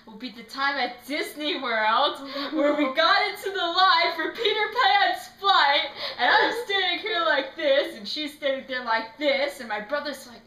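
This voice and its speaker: A teenage girl answering interview questions in a casual, animated way, acting out little scenes as she talks. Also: sits high. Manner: animated, acts out quotes in put-on voices. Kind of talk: casual chat. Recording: echoey room.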